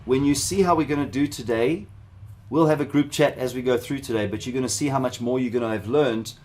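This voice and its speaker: Middle-aged man from South Africa, rambling, chatty instructor, mid-pitched voice. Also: fairly quick, darkish tone. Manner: chatty, rambling, with asides to viewers. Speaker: cybersecurity instructor. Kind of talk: live workshop teaching.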